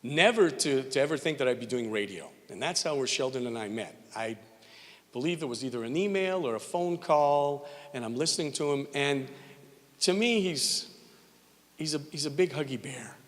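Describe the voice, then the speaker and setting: In a big event hall with lots of reverb, a Montreal morning radio host delivers a loose tribute speech packed with rambling, humorous anecdotes where he performs the quoted voices. He has a mid-range, expressive voice and speaks at a moderate pace.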